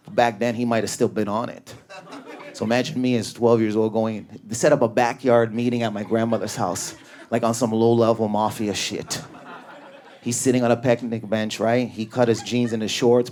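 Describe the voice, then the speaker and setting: A male stand-up comedian performing with raging energy on a club stage, often yelling and shooting up in pitch.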